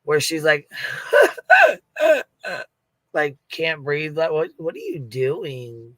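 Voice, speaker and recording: A man's voice: a little high, huge pitch swings, very slow, no echo. A man co-hosting a live commentary stream, mocking and swearing casually. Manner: mocking, profane. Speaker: livestream co-host. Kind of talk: casual chat.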